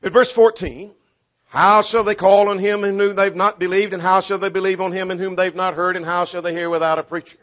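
A man's voice: high voice, steady tone, brisk. A man preaching an expository sermon, emphatic and driven by rhetorical questions, acting out the quoted voices. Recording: dull lo-fi sound.

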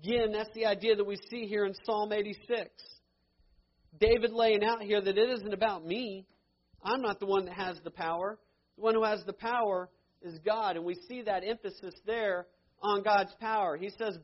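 A man preaching a sermon, earnestly reading scripture verses slowly and with emphasis, then explaining them. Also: sits high. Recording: dull lo-fi recording.

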